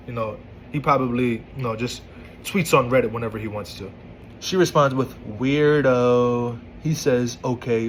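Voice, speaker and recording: A man's voice: mid-range voice, slight background noise, poor audio. A man casually reading out and reacting to a couple's text argument, exasperated and incredulous, often stumbling and restarting his words. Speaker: commentator reading text messages.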